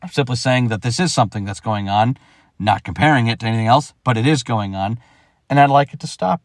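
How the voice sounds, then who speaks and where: A young man talking through his retirement from rap in a casual vlog, animated and emphatic, repeating himself and acting out quick thoughts. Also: medium pitch, no room sound, studio quality. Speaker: rapper explaining his retirement.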